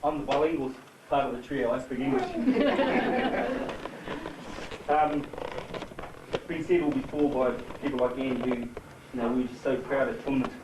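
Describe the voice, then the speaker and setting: A man's voice: mid-range voice, steady tone, a little fast. A man, a rugby coach, giving a light-humoured speech to his team. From New Zealand. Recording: echoey hall from far off with noise.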